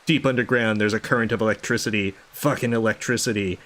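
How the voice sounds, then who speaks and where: Man voicing a mad game doctor, sleepless, raving, swearing, paranoid mutter, lowish pitch. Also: fairly even intonation, fast talker, a bit bright, natural voice. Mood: ranting. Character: unhinged mud-caked male doctor, sleepless, raving. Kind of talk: reading game dialogue aloud.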